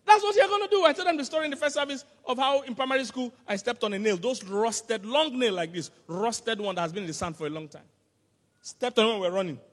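A man preaching a sermon as pastor, telling animated stories with laughter and sudden shouts. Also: high voice. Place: church hall. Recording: long hall reverb.

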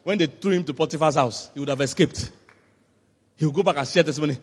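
A man preaching a sermon as pastor, telling animated stories with laughter and sudden shouts. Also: on the high side, fast talker, husky. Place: church hall. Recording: long hall reverb.

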